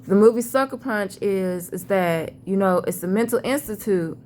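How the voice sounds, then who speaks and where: In a darkish, mid-range voice at a moderate pace, this woman describes a vision, the audio carrying a faint hiss or hum. A spiritual vlogger by trade, she tells it casually, rambling, cursing, and stressing her points.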